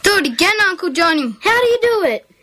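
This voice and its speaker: A man voicing an excited little child who pesters an uncle for more. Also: extremely high pitch, fast, pitched above the performer's own voice, exaggerated voice. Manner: pleading, excited.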